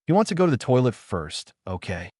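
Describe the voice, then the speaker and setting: A man voicing a quick-witted young male basketball player who talks in a brisk, sheepish way. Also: mid-range voice, very animated, darkish tone, no room sound, studio quality. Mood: urging.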